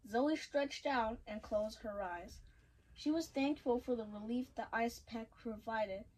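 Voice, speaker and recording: A woman's voice: a little high, a little mellow, rough recording. Woman reading a children's story aloud. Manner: halting, frequent restarts and self-corrections. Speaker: story reader.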